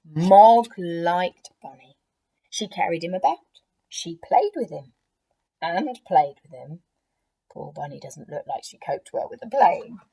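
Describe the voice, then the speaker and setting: A woman teacher reading a picture book aloud to children, expressive and gentle, with chatty asides. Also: sits low, a little slow, gravelly, slightly rough.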